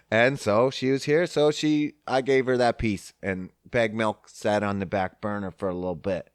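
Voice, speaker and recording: Man, podcast host, sarcastic swearing rant, slow unhurried delivery, dry close sound. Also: on the low side, steady tone, clear, resonant tone, no echo. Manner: sarcastic, profane, exasperated. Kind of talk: casual solo podcast rant.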